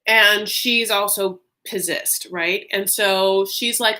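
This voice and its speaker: A woman talking in a casual, gossipy recap vlog, chatty and animated, packing her talk with "like.". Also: mid-range voice, slow. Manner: chatty, heavy use of "like", animated asides. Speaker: YouTube reality-TV recapper.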